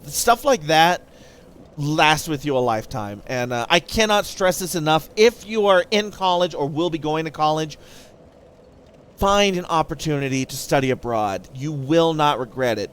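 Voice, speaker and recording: A young male streamer with a slightly high voice talks in a relaxed, rambling way. He breaks off his stories to thank viewers and then picks them up again, all in easy live-stream chat over a desk microphone. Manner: rambling storyteller who thanks viewers mid-story. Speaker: game streamer.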